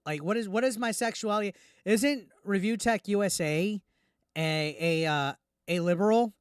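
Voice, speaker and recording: A man hosting a reaction commentary, ranting indignantly and quickly, tripping over restarts as he talks. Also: high voice, smooth, no echo, studio quality. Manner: heated, indignant, fast with repeated restarts. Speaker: YouTube commentary host.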